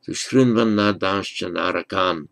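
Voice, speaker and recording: Man, unhurried, deep voice, teaching Sanskrit grammar, spells out each rule. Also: vocal fry, a bit bright, low-quality recording. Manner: patient, spells out words and rules. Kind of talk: slow grammar lesson.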